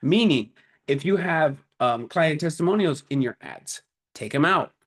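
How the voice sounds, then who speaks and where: A man coaches business owners in a loose, animated way, building each point like a story. His voice sits a little above the usual male range and he leans hard on short emphatic words. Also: a little high, a little slow. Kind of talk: casual motivational talk to camera.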